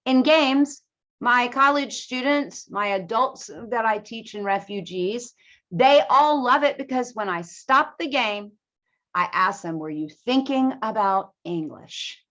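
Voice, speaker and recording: A woman teacher giving a presentation to other teachers, with a clear, emphatic teaching voice and lively intonation. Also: a little high, slow pace, muffled recording. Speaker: ESL teacher.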